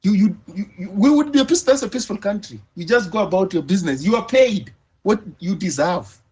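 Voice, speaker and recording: A man speaks as a panelist in a heated debate. His voice sits high and carries a husky edge. He presses his case forcefully and circles back to the same rhetorical questions again and again. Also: animated, a little fast. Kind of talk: impassioned debate argument.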